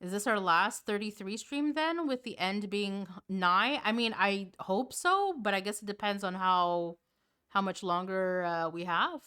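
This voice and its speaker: A woman's voice: mid-range voice, normal speed, bright, forceful tone, smooth. Female live-streamer, casual and chatty, stumbles into restarts, mid-range voice. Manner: playful, chatty, often repeats words as she restarts. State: tired.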